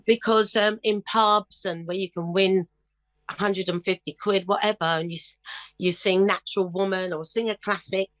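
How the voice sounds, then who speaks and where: A woman's voice: medium pitch, no room sound. A woman in her fifties, a singer, telling stories from her life in a casual interview. She acts out other voices and breaks into snatches of song. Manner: animated storyteller who acts out voices and sings snatches of songs.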